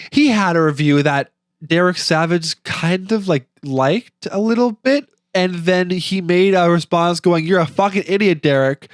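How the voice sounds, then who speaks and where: Young man, podcast co-host, rambling, stammering, fairly high voice, dry close sound. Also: clear, resonant tone, no echo. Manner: rambling, stammering with many restarts. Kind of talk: casual chat.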